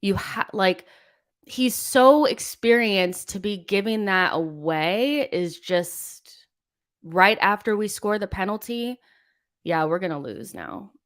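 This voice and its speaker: A young woman hosts a live football watchalong stream, venting in exasperation and reading viewer messages aloud as she mixes commentary with chat. Her medium-pitched, slightly bright voice has lively intonation and an unhurried pace, and the recording is dry and studio quality.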